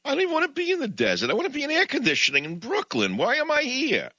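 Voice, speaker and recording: A man voicing a reluctant, self-pitying Moses who complains in a high, whining voice. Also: huge pitch swings, fast talker, pushed and bright, no room sound, lo-fi sound, full character voice. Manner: whining, high-pitched kvetching.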